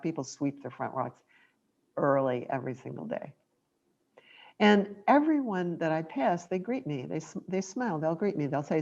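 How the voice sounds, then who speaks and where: A meditation teacher with a low voice gives a dharma talk, speaking gently, reflectively, and without hurry. The recording sounds dull and lo-fi.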